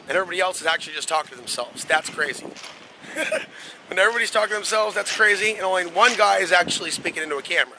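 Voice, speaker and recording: Male vlogger in his thirties, slightly high voice, rambling casually to a handheld camera over street noise. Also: pushed and bright, low-quality recording. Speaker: vlogger filming a walking tour. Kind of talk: casual walking-tour vlog. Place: outdoors on city streets. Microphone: handheld camera mic. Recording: outdoor city noise. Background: street traffic noise.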